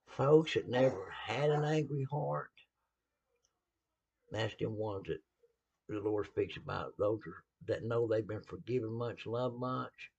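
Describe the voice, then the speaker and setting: A man's voice: fairly low pitch, vocal fry, breathy edge. A man with a Southern US accent giving a casual sermon-style talk, folksy and blunt, with laughing asides. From American South.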